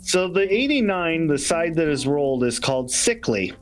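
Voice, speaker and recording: A man running a tabletop game as game master, describing events in slow, descriptive narration and chuckling now and then. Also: fairly high pitch, sing-song, soft background music.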